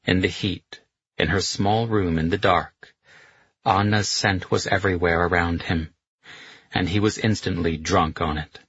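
Deep husky male audiobook narrator. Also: steady tone, a little slow, a bit bright, dry recording, dull audio.

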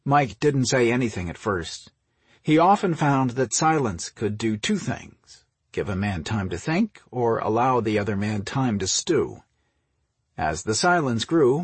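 A man reading an audiobook story in a steady, measured narration. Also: mid-range voice, breathy edge, dry recording. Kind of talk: scripted narration.

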